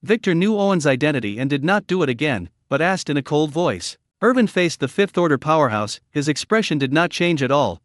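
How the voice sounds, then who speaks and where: A man reading a scripted story recap in a steady, even storytelling manner. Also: a little high, a little fast, hardly any pauses, no room sound, studio quality. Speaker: recap narrator.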